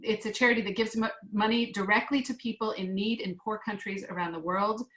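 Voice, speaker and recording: A woman's voice: medium pitch, steady tone, brisk, a bit bright. Chatty American woman hosting, echoey room. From United States. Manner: chatty, friendly, lots of fillers. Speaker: host. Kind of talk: online class interview. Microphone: video call.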